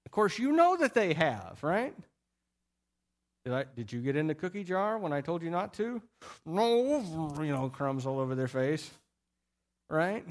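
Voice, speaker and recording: Animated middle-aged male pastor preaching. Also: a little high, moderate pace, long pauses. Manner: animated storytelling with playful acted quotes. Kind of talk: sermon.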